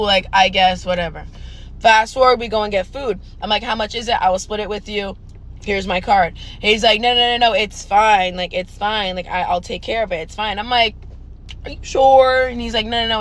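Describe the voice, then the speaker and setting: A woman's voice: fairly high pitch, a bit bright, poor audio. A young woman telling a storytime to camera, blunt and profane. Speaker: storytime vlogger. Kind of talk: casual storytime rant.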